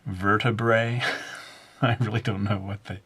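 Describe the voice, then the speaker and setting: A man's voice: lowish voice, steady tone, a little slow, a bit bright, breathy edge. A man narrating a drawing tutorial in a loose, rambling way, full of fillers and little self-deprecating jokes. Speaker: drawing instructor.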